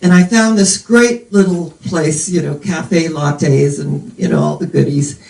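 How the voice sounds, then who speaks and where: A woman's voice: low voice, unhurried, gravelly, darkish tone. Woman in her 70s preaching, rambly storyteller, sounds far off in an echoey room. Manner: meandering storytelling. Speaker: minister. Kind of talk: sermon.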